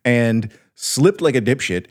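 Laughing man chiming in, lively voice. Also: medium pitch, measured pace. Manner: laughs often, jumps in with quips. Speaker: podcast co-host. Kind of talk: casual storytelling chat.

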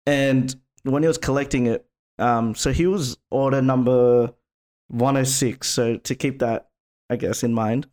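A man's voice: medium pitch, fairly even intonation, a little slow, darkish tone. Casual man telling a story. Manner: rambling, lots of fillers.

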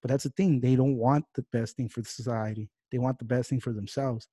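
A man's voice: mid-range voice, steady tone, mellow, breathy edge, dry recording, studio quality. A man hosting a podcast, ranting heatedly and swearing freely in casual talk. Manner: heated, profane, fast-talking rants. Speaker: podcast host. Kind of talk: casual political rant.

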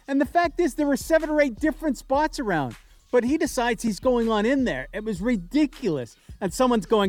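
A man co-hosting a sports talk show, telling stories in a lively, emphatic, casual way. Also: extremely high pitch, normal speed. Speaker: sports radio co-host.

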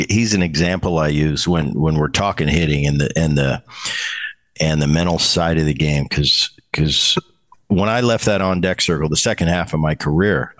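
A middle-aged man hosting a podcast, telling stories in casual chat and acting out the voices he quotes, with many restarts. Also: low voice. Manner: animated, acts out quoted voices, frequent restarts. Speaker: podcast host, former player. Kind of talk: casual conversational storytelling.

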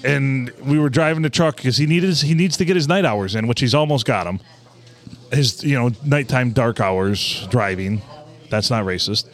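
A man co-hosting a podcast, telling profane, animated stories in casual chat at a bar. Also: mid-range voice, normal speed. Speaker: podcast co-host. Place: bar on a Monday night.

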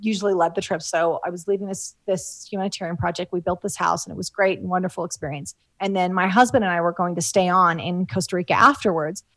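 A woman's voice: lowish voice, no echo. Woman, interview guest, rambling heartfelt stories, ums and restarts, dry close sound. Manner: warm storytelling, frequent fillers, gets emotional. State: tearful at times. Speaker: business coach, guest. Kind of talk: conversational interview.

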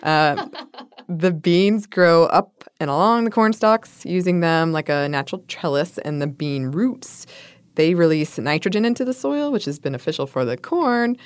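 A woman's voice: lowish voice, lively intonation, normal speed, smooth, no echo. A woman co-hosting a casual chat, reading food history aloud with playful asides and frequent laughter. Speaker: podcast co-host.

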